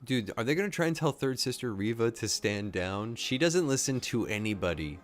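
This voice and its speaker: A man hosting a reaction video, excitedly thinking aloud and gushing as he watches. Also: medium pitch, moderate pace, faint music behind. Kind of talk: casual reaction commentary.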